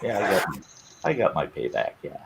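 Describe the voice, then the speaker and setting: A man's voice: low voice, sing-song, moderate pace, creaky, breathy edge, rough recording. A middle-aged man hosting a show, casually telling a funny personal story and laughing through it. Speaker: storytelling host.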